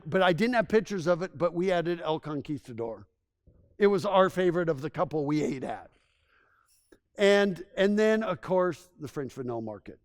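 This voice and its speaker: A man giving a public presentation to a town as a tourism consultant, telling stories in an enthusiastic, conversational way and often restarting his sentences. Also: high-pitched.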